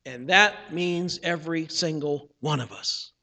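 A man's voice: on the high side, unhurried, vocal fry, pushed and bright. A male pastor preaching a sermon in an earnest, conversational storytelling manner, acting out the people he quotes. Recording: reverberant church sanctuary.

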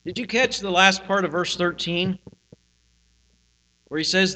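A man preaches a sermon in a high, bright voice. He swells and drops his volume for emphasis, and a long hall reverb trails his words. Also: a little slow, long pauses. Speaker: pastor.

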